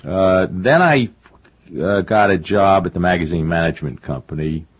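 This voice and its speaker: Husky low-voiced older man, halting. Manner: rambling, self-deprecating, halting with fillers. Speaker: interview guest, novelist. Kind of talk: conversational interview. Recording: dull lo-fi radio recording.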